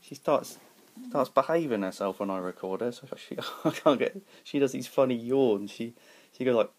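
A man's voice: mid-range voice, moderate pace. A man chatting affectionately to his pet and to the camera at home, recorded on a tablet, still in bed early in the morning, laughing often. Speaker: pet owner vlogger. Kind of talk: casual home video chat.

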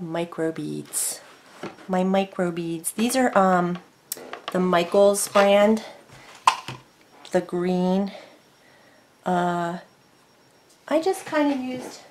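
A woman showing her craft work in a casual chat, rambling with many fillers and self-corrections at her desk at home. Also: mid-range voice. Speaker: craft vlogger. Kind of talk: casual show-and-tell chat.

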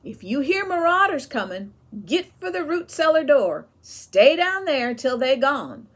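A fervent, homely old mother from a storybook, speaking in folksy rural dialect with a lively, swooping voice, as a woman reader puts her on. She talks slowly and a little breathily, raised higher than plain speech. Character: devout older mother, tender and homely.

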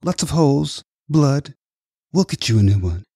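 A sharp female agent and psychologist in her forties, put on by a man reading an audiobook, raised well above his usual pitch with lively swoops. She probes in a measured way. The voice sounds mellow and a little husky, close and dry. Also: no echo. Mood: probing. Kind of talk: audiobook character voice.

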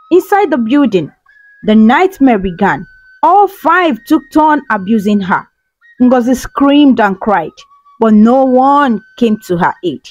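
A woman's voice: a little high, a little mellow, dry recording, poor audio. A woman narrating a folktale as a storyteller, dramatic and emotive. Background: faint music.

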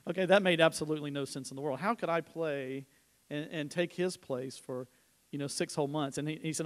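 Man preaching in a relaxed, story-driven way. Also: fairly high pitch, a little fast. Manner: informal storytelling, frequent restarts. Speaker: church speaker. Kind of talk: conversational sermon.

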